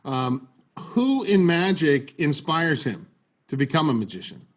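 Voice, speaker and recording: A man hosting an interview podcast, asking questions with many pauses and fillers. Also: a little high, very animated. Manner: hesitant, filler-heavy questions. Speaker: podcast host.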